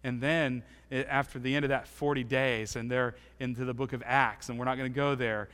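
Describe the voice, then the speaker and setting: A man preaching a sermon as pastor, acting out quoted voices and swinging from loud to hushed. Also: medium pitch, little pitch movement, a little fast, clear, resonant tone, long reverb tail.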